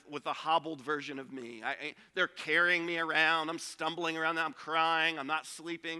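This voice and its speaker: Pastor, male, high and very bright voice, conversational storyteller, long hall reverb. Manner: storytelling, conversational with acted quotes. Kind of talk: sermon.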